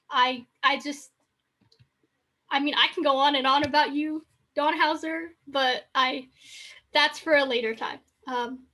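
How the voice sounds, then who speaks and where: A woman's voice: sits high, bright, forceful tone. A woman who founded the student club, hosting an online ceremony over a video call, emotional and gushing.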